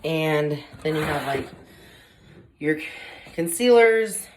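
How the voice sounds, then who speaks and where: Brief: woman vlogger at home, rather low voice, loose rambling chat, lots of "like", faint hiss behind. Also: lively intonation, slow. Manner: rambling, heavy use of "like" fillers. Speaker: vlogger, mother. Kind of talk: casual chat to camera. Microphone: camera.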